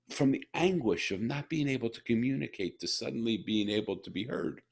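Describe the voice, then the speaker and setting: The speaker is a middle-aged podcast host with a lowish, creaky, slightly rough voice, brisk and lively in intonation. He's hosting a heartfelt interview, an earnest and emotional storyteller who restarts his sentences often.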